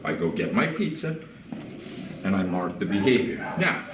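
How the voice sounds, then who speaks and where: A man working as a dog trainer, calmly explaining and demonstrating while giving short commands to dogs indoors at a house. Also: low-pitched, normal speed, crowd noise. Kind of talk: instructional demonstration. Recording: roomy, distant mic with background noise.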